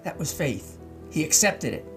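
A man's voice: a little high, very animated, normal speed, faint music behind. A middle-aged male pastor teaching scripture verse by verse, repeating key words and asking his listeners questions. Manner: reads verses then explains them, with many repeats and questions to the listeners. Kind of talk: slow Bible-teaching sermon.

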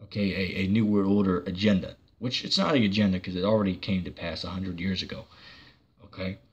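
A man's voice: deep voice, a little fast, husky, muffled recording. A man preaching on a church channel in a heated, combative monologue, cursing and mocking the person he argues against.

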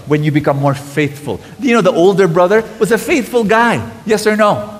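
A man preaching a sermon to a live audience, animated, calling for responses and loudly acting out quotes. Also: high voice, normal speed, big-room sound.

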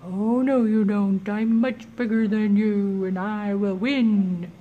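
Storybook bear, played by a woman: bossy, big, low and slow. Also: steady tone, phone-quality sound, close to an everyday voice. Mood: boastful. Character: big bossy male bear guarding food. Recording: music playing over the audio.

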